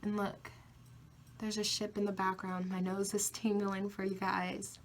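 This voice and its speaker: A woman's voice: medium pitch, completely flat delivery, unhurried, slight background noise. A woman doing a pick-a-card tarot reading, with emphatic, repeated affirmations and casual swearing. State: tearful, emotional. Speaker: tarot reader.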